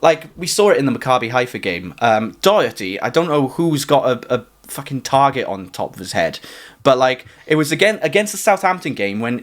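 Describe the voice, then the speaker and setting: Young man rambling about football. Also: mid-range voice. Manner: rambling, filler-heavy, "like" often. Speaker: podcast co-host. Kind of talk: casual football chat.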